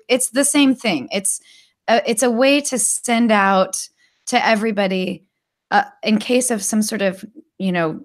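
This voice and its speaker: A woman's voice: medium pitch, measured pace. A woman co-hosting a tech podcast, explaining things in a casual, reassuring way. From United States. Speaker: podcast co-host.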